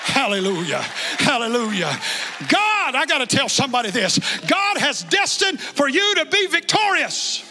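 Very high-voiced, bright-toned impassioned preacher man. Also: very animated, moderate pace, few pauses, a faint crowd. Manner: impassioned, shouting, repetitive calls for praise. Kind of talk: fervent sermon. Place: large church hall. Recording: long reverb from church hall.

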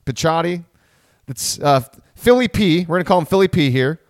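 A man's voice: a little high, lively intonation, dry recording, studio quality. A man hosting a casual sports podcast, rambling and correcting himself as he talks through the team. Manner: rambling, self-correcting, quick asides. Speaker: podcast host.

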